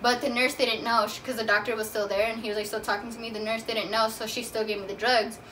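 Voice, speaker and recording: Speaking fast in a fairly high, level voice with a fairly bright tone, this young vlogger chats about something that happened to her. Her delivery is loose and casual, packed with "like." She's recorded from a distance, and faint room noise can be heard.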